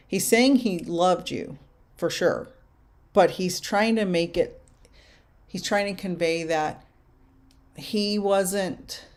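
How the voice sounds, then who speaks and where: A young adult woman medium giving spirit messages to viewers in a casual live chat, halting and soft-spoken. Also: medium pitch. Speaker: medium answering viewer questions.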